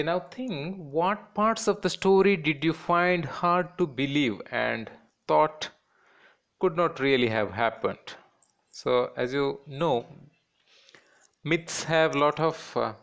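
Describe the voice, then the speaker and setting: A man's voice: medium pitch, a bit bright. A man teaching a children's class in Indian English, patiently repeating words and breaking them into syllables.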